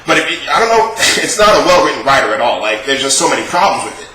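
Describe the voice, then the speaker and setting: A man's voice: mid-range voice, big pitch swings, quick pace, bright, forceful tone, a little hiss or hum. Sarcastic man ranting in an echoey room. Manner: exasperated, profane, sarcastic. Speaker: show reviewer. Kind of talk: casual ranting review.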